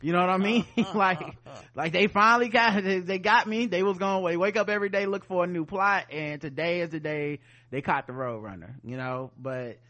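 Chatty man with a higher voice. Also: brisk, hardly any pauses. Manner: animated, rambling, lots of fillers and asides. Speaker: podcast host. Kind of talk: casual chat.

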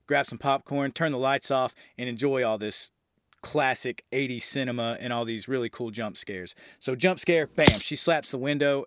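A man talks through a horror movie scene by scene in a casual, excited podcast recap, with plenty of fillers and a swear now and then. His voice sits at an ordinary middle pitch. The sound is close and dry, with no room around it. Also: no room sound. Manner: loose and enthusiastic, with frequent fillers and the odd swear. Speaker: movie review podcast host.

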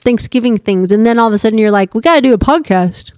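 A woman's voice: fairly high pitch, fast talker, no echo. A woman in her fifties co-hosting a casual chat podcast, telling family stories with lots of laughter. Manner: animated storyteller, laughs often. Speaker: podcast co-host.

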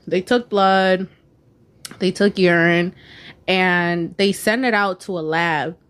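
A woman's voice: on the low side, fairly even intonation, slow pace, fairly bright tone, clean tone. A woman in her twenties, a podcast guest telling a personal story in a candid, casual way, swearing freely and filling her talk with "like" and "you know". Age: 20s.

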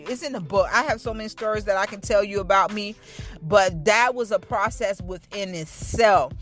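Woman in her thirties, heartfelt testimony, mid-pitched voice, soft music underneath. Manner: earnest, repetitive, talks straight to listeners. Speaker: speaker sharing her testimony. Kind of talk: candid personal testimony.

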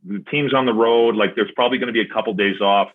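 Guest: forties man, husky and lowish, loose profane storyteller, phone-quality audio. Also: steady tone, fast talker. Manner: rambling anecdotes, retells dialogue with "I'm like", profane. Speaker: podcast guest, former pro hockey player. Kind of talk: casual storytelling. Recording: tinny phone-like line.

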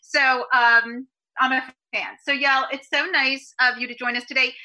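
Woman host, bright ringing voice, enthusiastic interviewer. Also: high-pitched, level tone, normal speed, low-quality recording. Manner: eager, enthusiastic questions. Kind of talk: casual interview.

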